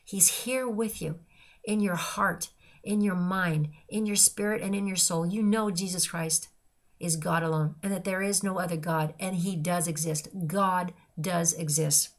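An older woman, a grandmother, gives an earnest personal Christian devotional talk, repeating herself and listing phrases one after another. Her voice sits in the mid range, with fairly even intonation and a moderate pace.

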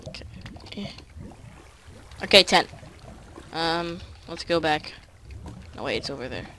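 A let's play gamer chatting casually and excitably through each move of the game. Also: mid-range voice, a little slow, slight background noise. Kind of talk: casual gameplay commentary.

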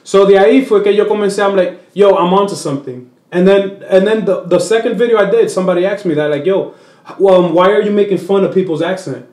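Talking at a quick pace, a high-pitched male comedian born in the Dominican Republic sounds like he's in an echoey room. He's the guest in a laid-back interview, going back and forth between Spanish and English and animatedly putting on voices during his stories.

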